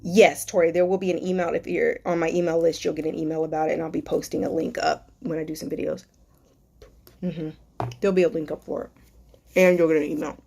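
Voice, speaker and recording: A woman's voice: low-pitched, flat delivery, fast talker, creaky, mellow. A woman hosting a live stream Q&A as a life coach, speaking affectionately and emotionally to viewers with spiritual encouragement, calling them darling and sweetheart.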